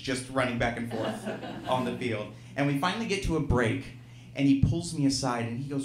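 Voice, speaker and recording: On a live venue stage before an audience, a man from Alabama tells a true story at a storytelling show, poking fun at himself and laughing through his lines. His mid-range voice is animated and moves at normal speed, captured with roomy live-venue sound.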